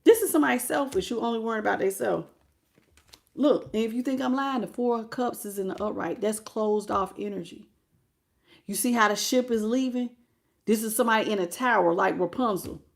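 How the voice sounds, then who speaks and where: A woman reads tarot live. She talks bluntly and with slang, and her voice sits fairly high. She stays animated as she calls out to her chat viewers. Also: a little fast, gravelly. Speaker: tarot reader.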